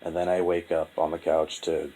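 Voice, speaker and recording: A young man telling a painful personal story in a halting, profane, heavy-hearted monologue. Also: low-pitched, level tone, warm tone, husky, rough recording. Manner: halting, profane, full of restarts and fillers. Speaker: vlogger.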